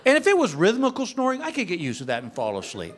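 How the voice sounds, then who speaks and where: An older man talks fast in a high-sitting voice during his stand-up set at a comedy club. His storytelling is animated, with mock exasperation throughout.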